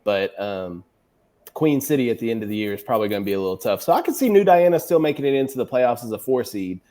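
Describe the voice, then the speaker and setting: A man's voice: medium pitch, expressive, fast talker, mellow. Confident man talking football picks. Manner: confident, teasing pick predictions. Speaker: sports show panelist. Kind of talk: casual sports chat.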